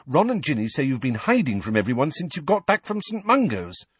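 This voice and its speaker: A man reading aloud and voicing a brisk, impatient teenage schoolgirl who lectures her friends in an audiobook. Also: medium pitch, sing-song, husky, no echo, pitched above the performer's own voice. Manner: brisk, impatient, know-it-all.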